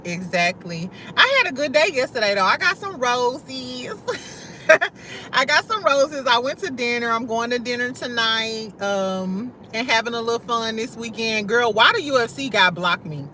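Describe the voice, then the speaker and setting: A young woman from St. Louis chats live with her viewers in a bright, forceful voice that sits a bit high. She talks loose and slangy, swears freely and breaks into laughter often, with faint traffic in the background. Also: expressive, moderate pace. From St. Louis, USA. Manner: loud, laughs often, slangy and profane, talks straight to chat. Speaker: livestream host. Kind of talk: casual livestream chat with viewers.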